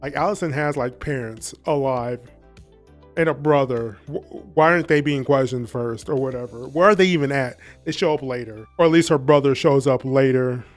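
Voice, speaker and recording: A man's voice: medium pitch, moderate pace, faint music behind. A man hosting a casual commentary recap, rambling and profane and often laughing. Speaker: video essay host.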